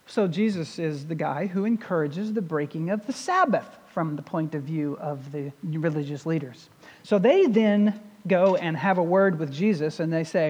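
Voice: mid-range voice, lively intonation, normal speed, darkish tone, slightly rough. A pastor preaching a sermon, retelling a scripture story in a conversational way and putting rhetorical questions to the congregation. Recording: long reverb of a large hall.

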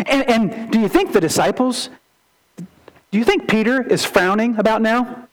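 A male pastor preaching a sermon, animated, acting out quotes and asking rhetorical questions. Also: extremely high pitch, a little slow, poor audio.

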